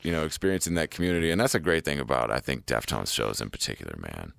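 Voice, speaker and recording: A man's voice: very deep voice, fast, creaky, a bit bright, no echo. A hungover young man hosting a podcast, chatting in a laid-back way, swearing freely and laughing often. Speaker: podcast host. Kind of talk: casual chat.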